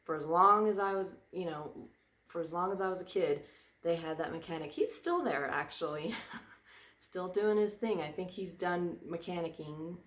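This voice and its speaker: A woman's voice: lowish voice, moderate pace, fairly bright tone, reverberant. A woman vlogger chatting casually, rambling and drifting onto tangents. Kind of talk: casual chat. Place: indoor room by a fireplace.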